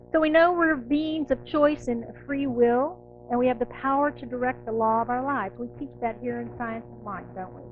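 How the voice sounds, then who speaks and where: A middle-aged woman minister giving a conversational, animated sermon, acting out inner voices. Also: high-pitched, narrow, tinny audio, a little hiss or hum. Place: church sanctuary.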